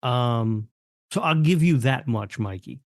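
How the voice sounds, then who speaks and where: A man co-hosting a horror movie podcast, casual and blunt, flatly dismissive. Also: medium pitch, measured pace, dry recording, clean studio sound. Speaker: podcast co-host. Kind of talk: casual chat.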